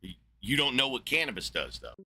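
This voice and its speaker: A man's voice: medium pitch, wildly swooping pitch, fairly quick, pushed and bright, no echo, poor audio. A man with a Southern US accent, hosting a heated debate in a brash, profane and mocking way. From Southeast United States. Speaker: debate show host.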